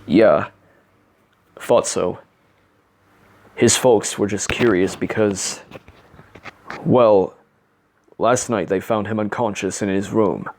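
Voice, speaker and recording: A man reading the part of a weary middle-aged cafe owner delivering grim news in a halting, somber way. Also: on the low side.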